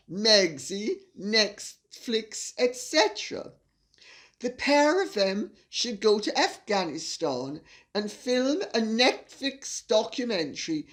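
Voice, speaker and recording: An older woman hosting her channel, reading viewer messages aloud and laughing often as she reads. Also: medium pitch. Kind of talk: casual chat.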